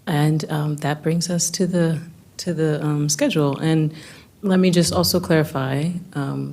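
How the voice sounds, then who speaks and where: Presenting planning staff updates to a public board meeting, a woman with a deep, slightly mellow voice and vocal fry sounds hurried and apologetic. She uses many ums, and her voice is giving out.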